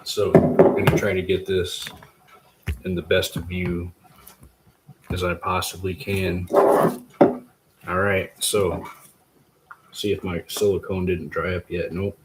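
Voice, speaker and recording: A man with a deep, low voice talks through a hands-on project in a casual livestream tutorial. He rambles in a goofy way and breaks off to chat with his viewers. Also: little pitch movement, slow pace, long pauses, very noisy. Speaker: host demonstrating a DIY agar method.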